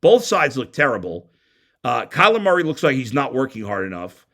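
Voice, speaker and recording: A man's voice: mid-range voice, very animated, moderate pace, a bit bright. A man hosting a sports talk show, ranting bluntly and heatedly with frequent stumbling restarts. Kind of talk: opinionated sports radio rant.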